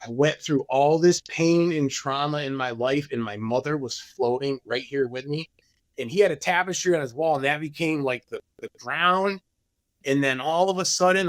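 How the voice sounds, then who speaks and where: A man with a fairly high voice tells his story animatedly as a podcast guest, slipping into other people's words as he goes. The sound is dry and close, with no room echo. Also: normal speed. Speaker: podcast guest, business owner. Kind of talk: candid storytelling in a podcast interview.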